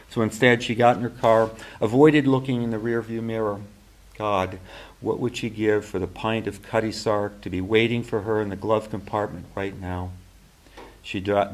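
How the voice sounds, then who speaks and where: A man, an author, reading his novel aloud in a measured, deliberate way at a university reading. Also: fairly low pitch, low-quality recording.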